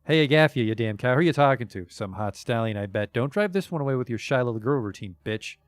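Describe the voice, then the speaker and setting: A man doing a loud crude voice from a belly. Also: medium pitch, animated, fast talker, clear, resonant tone, dry recording, clean studio sound, natural voice. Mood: crude taunting. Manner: loud, vulgar and taunting. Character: crude male voice shouting from a woman's belly.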